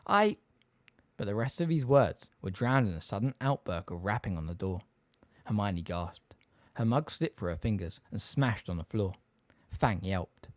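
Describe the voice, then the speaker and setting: A male audiobook reader narrates a scripted story expressively at a moderate pace, his pitch moving lively up and down through the lines. The recording is dry and close, with no echo or room sound.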